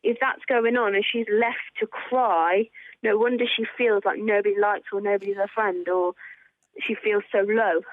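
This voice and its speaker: A woman's voice: mid-range voice, fairly even intonation, moderate pace, no echo. A woman calling in to a radio show, upset and hesitant, repeating her words as she tells her story. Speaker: caller. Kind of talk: phone-in call. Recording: tinny phone line.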